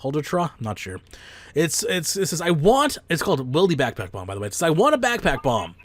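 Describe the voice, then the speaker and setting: A man's voice: fairly high pitch, sing-song, fast talker, no echo. A man hosting a casual podcast, rambling with fillers and the odd swear. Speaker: podcast host. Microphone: close headset mic.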